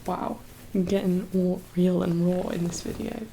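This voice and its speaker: Brief: young woman, soft-spoken ASMR chat, breathy half-whispers, teary and rambling, faint background hum. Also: fairly low pitch, steady tone, unhurried, rough recording. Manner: rambling, full of fillers and laughs. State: teary, emotional. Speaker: ASMR creator.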